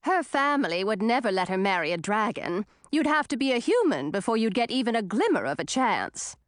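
Blunt older witch, gruff with a soft heart, read by a woman; lively, animated delivery. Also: fairly high pitch, brisk, no room sound, studio quality. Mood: lecturing. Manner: blunt, scolding.

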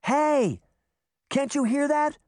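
A man voicing an eager little girl who talks quickly with excitement. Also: medium pitch, dry recording, studio quality, voice pushed up. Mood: excited.

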